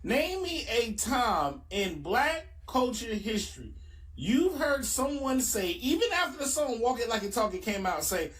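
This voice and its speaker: A woman's voice: on the high side, very animated, a little slow. A woman giving blunt, slangy reaction commentary, sounding exasperated. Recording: distant mic with loud music behind.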